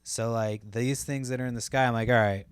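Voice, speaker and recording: A man's voice: mid-range voice, steady tone, a little fast, clear, resonant tone, no room sound, clean studio sound. A man, rambling casually and profanely as a solo podcast host, full of fillers.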